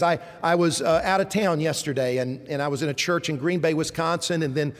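A middle-aged man with a Southern American accent preaching a sermon, moving between emphatic exhortation and soft, tender asides. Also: a little high, fairly quick, few pauses, big-room sound. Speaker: pastor.

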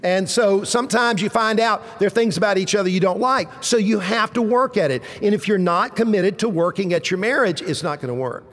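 In a big hall with lengthy reverb, a male preacher delivers his sermon as storytelling. He leans on dramatic pauses and sinks to a quiet, low voice whenever a punchline arrives.

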